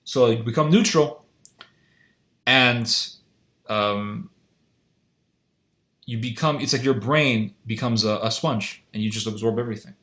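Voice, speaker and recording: A man's voice: mid-range voice, measured pace, pauses often, a bit bright, echoey room. A man giving an unscripted commentary monologue, earnest and insistent, who often repeats and restarts his phrases. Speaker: online video commentator.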